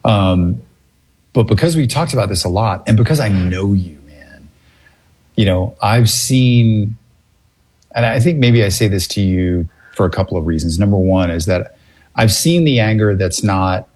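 A man's voice: on the low side, normal speed, darkish tone, breathy edge. A man hosting a call-in radio show from a remote spot, talking casually and searching for words. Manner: laid-back, searching for words. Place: remote location away from studio.

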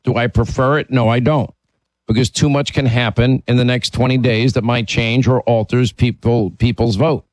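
A man's voice: mid-range voice, a little mellow, no echo. Emphatic male talk radio host. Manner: emphatic, opinionated, with restarts.

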